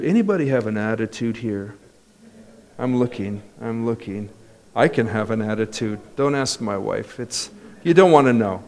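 A middle-aged man preaching a sermon, telling stories with joking asides. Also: fairly high pitch. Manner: lively storytelling with joking asides. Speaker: pastor.

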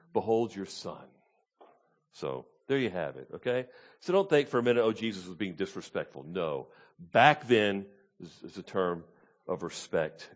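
Man preaching a conversational sermon. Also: low voice. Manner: checks in with the congregation, asking "Okay?" and "Amen?". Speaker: pastor. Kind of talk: conversational sermon, Bible teaching.

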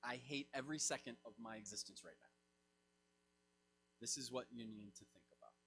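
A man preaching a sermon as pastor, swinging from loud emphatic lines to soft low asides. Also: moderate pace, slight background noise.

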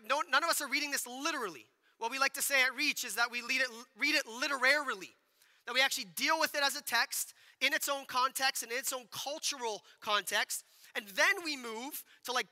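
A man preaching in a church hall, his voice very high and very bright. He talks casually to the congregation and keeps asking them questions. Long reverb trails after each phrase. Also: quick pace. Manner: conversational, asks the congregation questions, acts out quotes. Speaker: pastor. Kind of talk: sermon.

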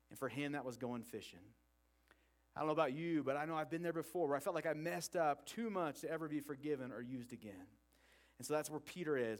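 A man preaching a sermon, retelling a story with acted-out quotes in an earnest way. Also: medium pitch.

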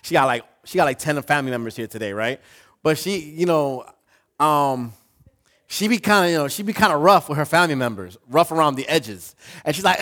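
A man preaching a sermon as pastor, talking in a conversational, animated way with playful asides. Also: a little high, fairly quick.

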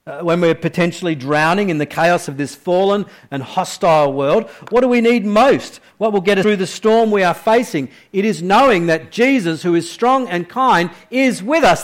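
A man preaching a sermon, moving between soft, slow reflective passages and louder, urgent questions to the congregation. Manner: swings from quiet, low reflection to loud, high-pitched questioning.

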